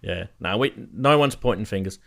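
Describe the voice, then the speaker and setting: A man's voice: fairly low pitch, lively intonation, moderate pace, creaky, a bit bright. A man hosting a live synthesizer stream, chatting casually and laughing often as he greets viewers in the chat. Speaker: host of a live synthesizer show.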